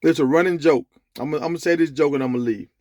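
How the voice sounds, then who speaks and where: Man ranting, animated and high-voiced. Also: quick pace, no echo, studio quality. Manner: animated, profane storytelling. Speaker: sports commentator. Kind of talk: casual commentary rant.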